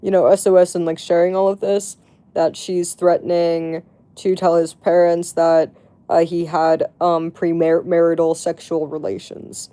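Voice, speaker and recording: A woman's voice: lowish voice, level tone, unhurried, warm tone. A woman livestreamer chatting to her viewers, telling a story in a casual way with lots of "like" and swearing. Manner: chatty, heavy on "like" and profanity.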